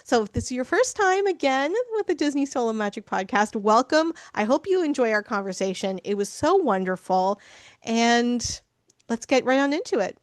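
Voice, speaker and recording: A woman's voice: on the high side, expressive, normal speed, dry recording, clean studio sound. A woman hosting a podcast, bubbly and laughing often in casual interview talk. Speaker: podcast host.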